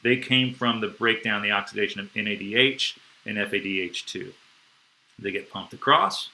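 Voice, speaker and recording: Excitable teacher, bright tone. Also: male voice, lowish voice, moderate pace, vocal fry, low-quality recording. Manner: excitable, slangy, playful sound effects. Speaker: biology teacher. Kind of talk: enthusiastic live-streamed lecture.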